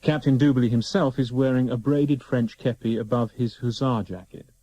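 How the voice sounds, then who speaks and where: A man's voice: mid-range voice, moderate pace, warm tone, low-quality recording. Male narrator reading stage directions.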